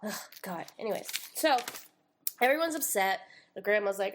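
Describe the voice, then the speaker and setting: Brief woman podcast co-host, gravelly edge to her voice, faint noise behind, giggly and animated. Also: medium pitch, normal speed. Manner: giggly, animated storytelling with acted quotes. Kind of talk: casual movie recap chat.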